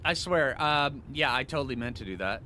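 A man giving casual commentary over his own gameplay, excitable and joking at himself, chatting to the creatures he meets. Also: mid-range voice, brisk, a little hiss or hum. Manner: excitable, talks to the creatures, self-mocking asides. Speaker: gaming video host.

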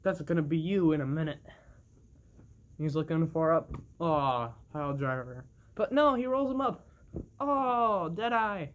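An excitable play-by-play commentator calls a toy wrestling match, breaking into bursts of oohs and laughing mid-call. The delivery is slow and drawn out. The pitch sits in a plain middle register. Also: slight background noise.

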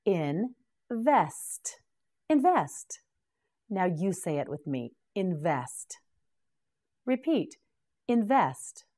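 A woman's voice: on the low side, mellow. A middle-aged woman teaching English vocabulary, saying each word several times and praising the learner. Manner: patient, encouraging, repeats each word slowly. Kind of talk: slow scripted pronunciation drill.

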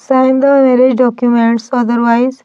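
A woman voicing a cold, possessive young mafia man who gives curt orders, in a flat storybook reading. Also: a little high, moderate pace, clean tone, no room sound, muffled recording, close to an everyday voice.

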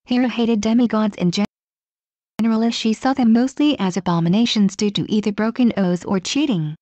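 A woman narrating a fan story aloud in a steady, even reading voice. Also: medium pitch, a little fast, dry recording.

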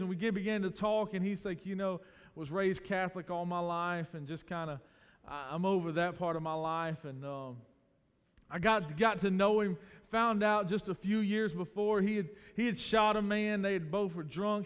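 A pastor tells a story from the pulpit in a relaxed, conversational way and acts out the people he quotes. His voice sits high for a man. The church hall gives it a long, ringing reverb. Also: clean tone. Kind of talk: sermon. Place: church sanctuary.

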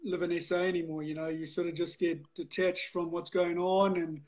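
A man's voice: fairly high pitch, little pitch movement, fairly quick, a little mellow. A man from South Africa as a guest on a video call interview, easygoing and self-deprecating.

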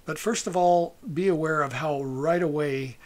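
A man giving a music lecture, speaking haltingly with many fillers and soft asides. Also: a little high. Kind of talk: lecture on a recording.

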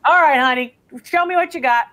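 Brisk high-voiced woman appraiser. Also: pushed and bright. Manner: brisk, chatty, direct. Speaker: appraiser hosting a live call-in stream. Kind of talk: unscripted live appraisal chat.

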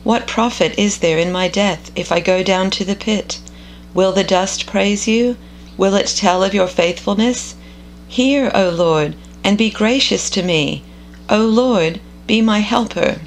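A woman reading scripture aloud in a measured, contemplative devotional style. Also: mid-range voice, slight background noise, poor audio. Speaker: scripture reader.

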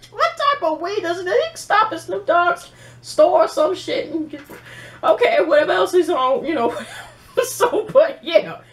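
Animated, profane woman recapping reality TV. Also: extremely high pitch, a little slow. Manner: animated, profane, mimics people she quotes. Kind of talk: casual episode recap.

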